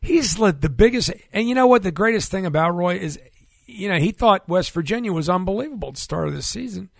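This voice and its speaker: A middle-aged man hosting sports talk radio, rambling and joking loudly at a studio mic. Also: high voice, expressive, fast talker, gravelly, no echo. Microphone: studio microphone.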